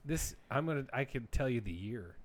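A man in his thirties co-hosting a casual podcast, telling stories with animated energy and frequent laughs. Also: mid-range voice, normal speed. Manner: animated storyteller, laughs often. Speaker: podcast co-host. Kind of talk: casual chat.

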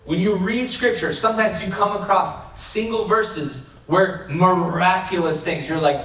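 Man pastor, conversational sermon, rhetorical questions, slightly high voice, echoey hall, mic far off. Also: a little slow, hardly any pauses, a bit bright.

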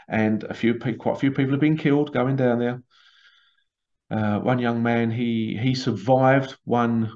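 A man's voice: mid-range voice, a little mellow. Rambling man with a dull lo-fi sound. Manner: rambling, with restarts and acted-out quotes. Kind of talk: casual conspiracy talk, storytelling.

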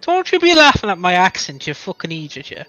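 A hot-tempered Irish call-center agent, put on by a man in a thick, exaggerated brogue, spitting curses and taking offense at everything. The voice is bright and lively, swinging up and down in pitch. It sits close and dry against the mic. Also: normal speed, clean tone, no room sound, dull audio. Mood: defensive. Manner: swearing, indignant, rising to shouts. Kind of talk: improvised prank-call comedy.

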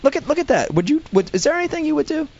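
A man hosting a comedic talk show, teasing his caller in an excitable way. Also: extremely high pitch, very fast, gravelly. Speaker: host. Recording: dull lo-fi audio.

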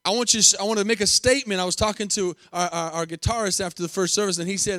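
A man's voice: high voice, fairly even intonation, fast, few pauses, bright, forceful tone, no echo, studio quality. A man preaching a sermon as a pastor, emphatic, with repeated phrases and rhetorical questions put to the congregation.

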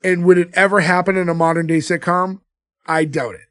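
A man's voice: high voice, level tone, a little fast, a bit bright, no echo, studio quality. A man co-hosting a casual movie podcast, retelling scenes and laughing often. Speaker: podcast co-host. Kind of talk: casual movie-review chat.

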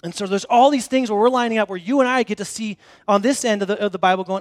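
High-voiced man preaching casually. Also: fast, dry recording, studio quality. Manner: casual storytelling with frequent restarts; self-deprecating humor. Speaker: pastor. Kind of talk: conversational sermon. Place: church hall before a congregation.

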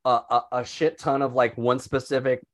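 A man co-hosting a casual podcast, talking loosely with frequent restarts and plenty of swearing. His voice sits at an ordinary male pitch. The sound is dry and close, with no room around it. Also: little pitch movement, normal speed, no room sound. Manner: rambling, profane, lots of restarts. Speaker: podcast co-host. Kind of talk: casual chat.

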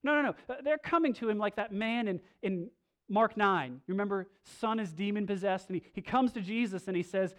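A male pastor preaching a sermon, moving between loud, slow emphasis and soft, low asides, with casual restarts. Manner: conversational, with filler restarts.

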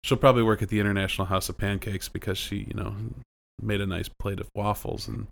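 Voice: deep voice, level tone, fast talker, creaky. A laid-back podcast co-host chatting casually about a TV show, with dry remarks. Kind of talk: casual chat recapping a TV show.

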